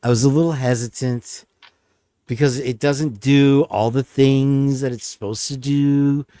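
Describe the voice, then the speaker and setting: A man's voice: medium pitch, fairly even intonation, measured pace, warm tone, dry recording, studio quality. Rambling, joking male stream host. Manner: rambling, joking, self-deprecating. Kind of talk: casual chat.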